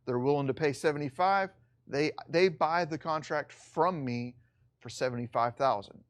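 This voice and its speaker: Man teaching a real estate class. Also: on the high side. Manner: plain step-by-step explaining, slows down to stress points. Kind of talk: recorded online lesson.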